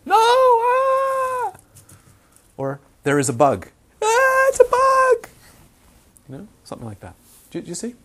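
A man giving an informal Dharma talk to a small group, telling stories with animated asides. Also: a little high, a little hiss or hum. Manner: animated storytelling, acts out quoted voices. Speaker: meditation teacher.

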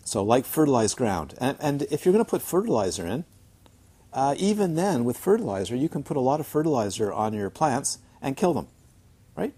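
A Buddhist teacher leads a Dharma talk at a retreat centre, sharing humorous stories in a chatty way and regularly checking in on the audience. He speaks briskly in a sing-song, mellow, medium-pitched voice with a breathy edge.

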